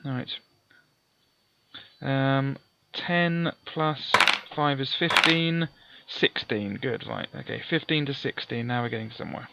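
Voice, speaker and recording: A man playing through a gamebook, reading its passages aloud and calmly working out dice sums with mild self-deprecating asides. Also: mid-range voice, slow pace, gravelly, highs cut off, heavy background noise. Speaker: let's play host. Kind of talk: gamebook playthrough with read-aloud narration.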